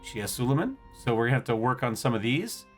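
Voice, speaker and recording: A man's voice: mid-range voice, sing-song, quick pace, soft background music. Man thinking aloud over a strategy game. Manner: thinks aloud, stumbles over and swaps syllables. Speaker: gaming channel host. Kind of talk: casual let's-play commentary.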